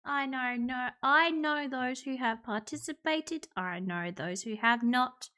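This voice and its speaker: Slow, bright-voiced woman streamer. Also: high-pitched. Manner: slips into a playful pirate brogue; chatty, laughs often, talks to her pet and chat. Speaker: streamer reading a story game aloud. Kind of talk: live game playthrough with voiced characters.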